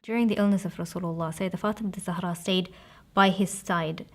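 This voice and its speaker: A woman's voice: fairly low pitch, steady tone, a little fast. A woman recounting religious history for a documentary, thoughtful and given to restarts. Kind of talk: documentary storytelling. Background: background music.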